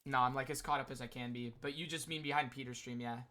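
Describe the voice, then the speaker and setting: Bright, rambling male streamer. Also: mid-range voice, fairly even intonation, fast. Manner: rambling, many "like" fillers, talks to chat. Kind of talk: casual livestream chat commentary.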